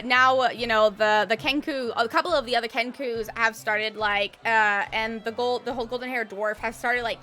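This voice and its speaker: Woman game master, bright voice, chatty and sweary, soft music behind. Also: fairly high pitch. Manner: casual, loose, swears and laughs while narrating. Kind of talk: narrating a tabletop game over voice chat.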